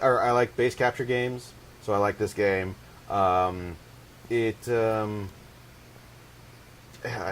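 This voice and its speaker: A man's voice: lowish voice, a little hiss or hum. A man hosting a casual podcast chat about games, hesitant, with many ums and restarts.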